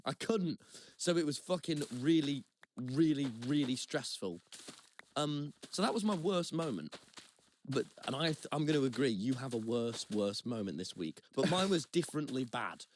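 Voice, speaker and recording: A young man spinning a long, self-deprecating anecdote on a chat podcast. His pitch leaps up and drops down as he goes, and he often stops and restarts mid-sentence. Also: expressive, moderate pace, a little hiss or hum. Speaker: podcast co-host. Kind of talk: casual anecdotal storytelling. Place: Brighton.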